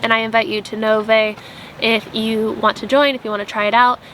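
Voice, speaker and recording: A woman's voice: on the high side, flat delivery, normal speed, fairly bright tone. Young woman vlogger, earnest and meandering, faint outdoor noise behind her. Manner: earnest, rambling, many "like" fillers. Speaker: vlogger and app founder. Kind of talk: casual spiritual vlog chat. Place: tent at a campsite.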